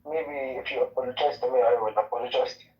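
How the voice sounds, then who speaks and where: A man's voice: mid-range voice, very fast. A man trolling the other caller in a provocative, mock-sincere way, drawling with lots of fillers. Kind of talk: trolling online chat. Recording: distant lo-fi audio.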